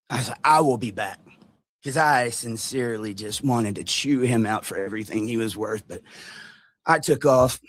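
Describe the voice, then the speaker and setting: A man telling a long story on a livestream, animated and mimicking the people in it. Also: medium pitch, no room sound, clean studio sound. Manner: animated retelling, mimics others' voices.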